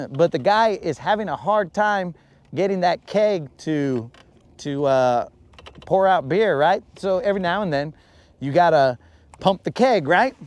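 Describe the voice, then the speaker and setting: A man hosting a fishing livestream, telling a long rambling story and acting out quotes in a higher voice. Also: animated, measured pace, darkish tone, no room sound. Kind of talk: casual storytelling while fishing. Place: out on a lake, on a boat.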